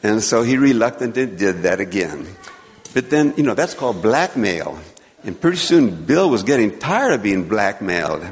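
A man telling a children's story in church, a folksy, gently joking storyteller. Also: fairly low pitch, very animated, normal speed. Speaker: children's sermon speaker. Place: church sanctuary. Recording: long church reverb.

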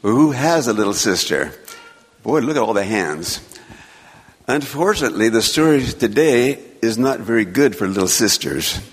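A man telling a children's story in church, a folksy, gently joking storyteller. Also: medium pitch, expressive, moderate pace. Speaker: children's sermon speaker. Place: church sanctuary. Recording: long church reverb.

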